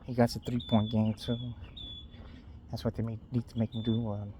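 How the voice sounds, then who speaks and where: A man's voice: on the low side, level tone, background noise. A man rambling casually on a night walk outdoors, recorded on a phone held in his hand. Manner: loose, unhurried rambling with trailing restarts. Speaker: vlogger.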